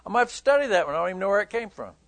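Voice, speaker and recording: A man's voice: high-pitched, big pitch swings, racing, a bit bright, dry recording. A male pastor preaching a sermon in a conversational, emphatic way, joking with his listeners.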